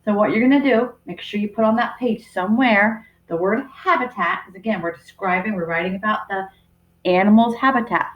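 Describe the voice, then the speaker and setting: A woman teacher giving a remote writing lesson to young children, speaking slowly and sounding out each word as she writes, recorded on a computer microphone. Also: medium pitch, highs cut off. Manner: slow and deliberate, sounding out words while writing. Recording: roomy echo.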